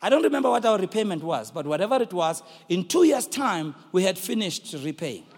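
South african pastor preaching, high gravelly voice, shouts and half-sings to the church. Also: male voice, sing-song, fairly quick, in a large hall. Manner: preaching with shouted, sung-out exclamations to the congregation. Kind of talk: sermon.

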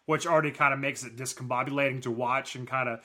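A man co-hosting a podcast, chatting casually about a wrestling event and now and then mimicking fans in high voices. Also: steady tone, quick pace, sharp tone. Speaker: podcast co-host. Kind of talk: casual wrestling review chat.

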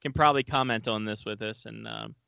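Male podcast host, bright-toned and jokey, retells stories and does put-on voices, dry close mic. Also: on the low side, steady tone, brisk, gravelly, clean tone, no room sound, lo-fi sound. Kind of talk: casual sports chat, animated storytelling.

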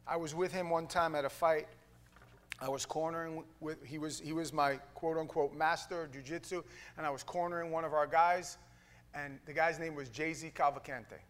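A man preaching a sermon, telling a story with dramatic swings from hushed lines to loud bursts. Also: fairly high pitch, fairly even intonation, normal speed.

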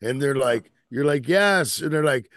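A man's voice: medium pitch, expressive, fairly bright tone, dry recording, clean studio sound. A man hosting a casual podcast, laid-back and profane, calling people dude. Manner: slow, laid-back, swears and says dude.

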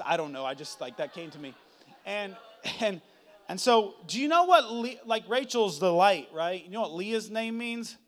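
A man preaching a sermon in a dramatic, chatty way, swinging from hushed to loud. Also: very high voice, expressive, moderate pace. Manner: conversational, uses "like" often.

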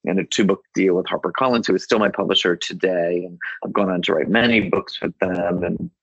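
Deep gravelly man telling a long anecdote. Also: steady tone, brisk, a bit bright, no echo, lo-fi sound. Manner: rambling, with frequent restarts and quoted dialogue. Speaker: guest author. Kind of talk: casual anecdotal storytelling.

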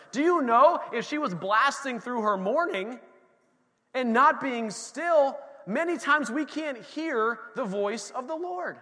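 High-voiced man preaching in an echoing church. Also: bright, forceful tone. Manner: emphatic preaching, repeating phrases with rising intensity. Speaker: pastor. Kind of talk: sermon. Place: church sanctuary. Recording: long hall reverb.

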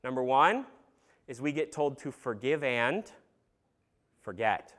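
A man's voice: medium pitch, animated, slow pace, fairly bright tone. A man preaching an earnest sermon in a conversational way, with casual fillers and some humor. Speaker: pastor.

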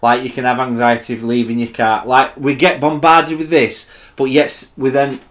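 A man talks in a loose, rambling way. He stops and restarts often and leans on "like" between thoughts. His voice sits at an ordinary middle pitch. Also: level tone. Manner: rambling, halting, lots of "like". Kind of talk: casual chat.

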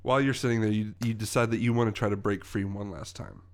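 A man's voice: on the low side, fairly even intonation, fast talker. A man narrating a tabletop game as game master, in a casual and slightly stumbling way.

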